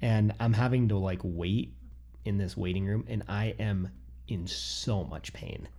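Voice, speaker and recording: In a casual chat, a man in his thirties shares a personal story, animatedly acting out what he and other people said. His voice is fairly low and a little slow, with some vocal fry.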